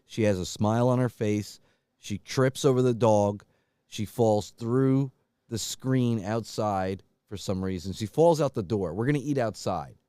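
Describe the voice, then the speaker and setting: A man co-hosting a podcast, telling absurd stories in a deadpan way and directing comic bits. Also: on the low side, measured pace, clear, resonant tone, no echo, studio quality. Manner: deadpan storytelling breaking into mock wailing. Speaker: podcast co-host.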